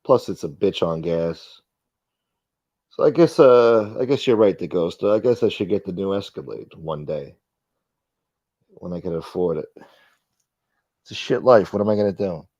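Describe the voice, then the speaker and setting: New guy chatting on his livestream, swears a lot, rambles, lowish voice, kinda dull muffled audio. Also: normal speed, long pauses, dark tone, no echo. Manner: profane, rambling, reads chat aloud, acts out quoted friends. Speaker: livestream host. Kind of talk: casual livestream chat reading viewer comments.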